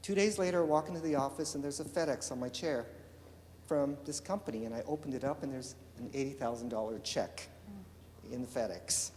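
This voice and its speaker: A man from eastern Oregon telling a lively business story to an audience, acting out the dialogue. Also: medium pitch, brisk, slight background noise. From eastern Oregon, USA. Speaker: entrepreneur giving a talk. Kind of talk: storytelling keynote speech. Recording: reverberant hall with faint ambience.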